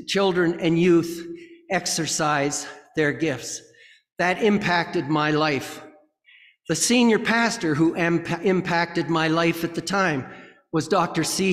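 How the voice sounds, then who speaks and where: An older man speaks slowly and haltingly in a church sanctuary, his voice a little high for a man. His words ring out with a long reverb from the hall. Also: fairly bright tone. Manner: slow, halting, with frequent fillers. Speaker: church member presenting scholarships. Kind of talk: church service announcement.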